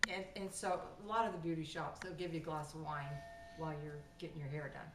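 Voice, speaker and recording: A woman casually telling a funny story from her own life, in a lively, animated way. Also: low-pitched, fast talker, far from the mic. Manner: animated, lively retelling with laughter. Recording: roomy sound from off the mic with faint noise.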